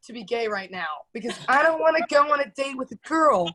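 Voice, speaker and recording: A woman doing a loud, self-mocking stand-up set over a video call, with a low voice. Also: lively intonation, fairly quick, slight background noise. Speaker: stand-up comic.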